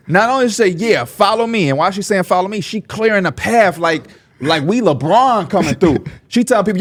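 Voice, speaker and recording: Man, lively storyteller, fairly high voice, dry close sound. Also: brisk, no room sound. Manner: animated, acts out quoted voices with big pitch jumps. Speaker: podcast co-host. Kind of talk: casual storytelling chat.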